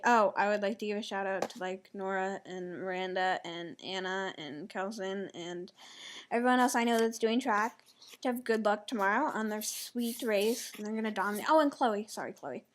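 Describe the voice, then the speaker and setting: A teenage girl rambling through a casual vlog, chatty and giggly, with a lot of "like". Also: mid-range voice. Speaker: vlogger.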